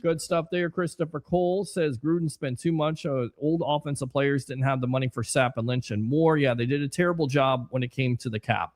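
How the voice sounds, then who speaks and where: A man's voice: medium pitch, steady tone, fairly quick, hardly any pauses, faint music behind. A man hosting a casual sports livestream, chatting and reading viewer comments aloud with rambling asides. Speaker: sports podcast host.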